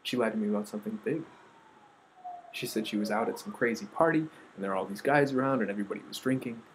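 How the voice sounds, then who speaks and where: A man earnestly telling a personal story, acting out quotes and trailing off into soft asides. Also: on the low side, fast, slight background noise, low-quality recording. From United States. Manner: earnest, quoting others with shifts of voice, trailing off softly.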